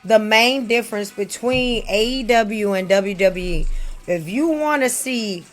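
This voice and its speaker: A woman from Missouri co-hosting a podcast, chatting casually about wrestling with blunt, teasing opinions. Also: a little high. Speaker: podcast co-host.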